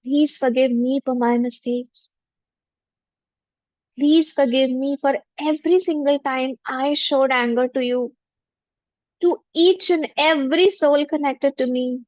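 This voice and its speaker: A woman, a spiritual teacher leading a guided forgiveness meditation in a gentle, humble voice with repeated affirmations. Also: high voice, steady tone, measured pace, no room sound. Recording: dull lo-fi dry recording.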